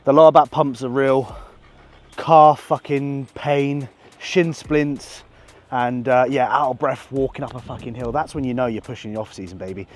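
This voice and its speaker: A man's voice: medium pitch, moderate pace. A man in his thirties, a bodybuilding vlogger talking casually to a handheld camera on an outdoor walk, blunt and full of swearing.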